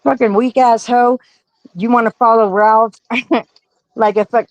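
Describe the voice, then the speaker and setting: A woman's voice: on the high side, moderate pace, no echo, low-quality recording. Profane, confrontational woman streamer ranting. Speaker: livestream host. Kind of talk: heated livestream rant to chat.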